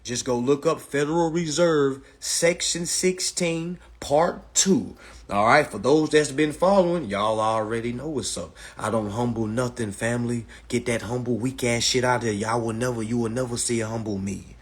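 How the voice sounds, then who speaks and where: Husky guy going off on a live stream, blunt and cussing, keeps saying all right. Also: medium pitch, moderate pace. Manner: blunt, profane and lecturing, repeats "all right". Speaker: livestream host. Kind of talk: casual livestream talk. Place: indoors, livestream.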